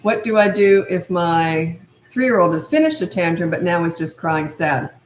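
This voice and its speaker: A woman's voice: on the low side, expressive, normal speed, reverberant, a little hiss or hum, low-quality recording. A woman parenting coach answering viewer questions on a live stream, blunt and firm, repeating her points. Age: older. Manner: blunt, firm, repetitive phrasing.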